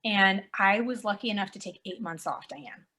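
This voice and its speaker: A woman's voice: mid-range voice, normal speed, slight background noise. Passionate, emotional woman teacher. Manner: passionate, emotional, animated, says "dude". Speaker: guest, middle school science teacher. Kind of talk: casual interview chat.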